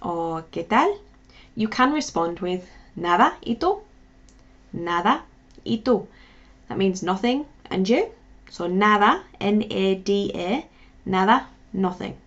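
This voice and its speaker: A woman's voice: mid-range voice, animated, measured pace. A woman teaching a beginner language lesson, encouraging, spelling words out and leading repeat-after-me drills. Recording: dull lo-fi sound.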